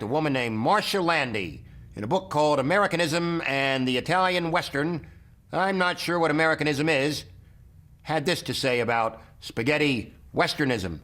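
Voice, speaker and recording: A man narrating a satirical film history in a sardonic, deadpan way. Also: on the high side, slight background noise, poor audio. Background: film score music.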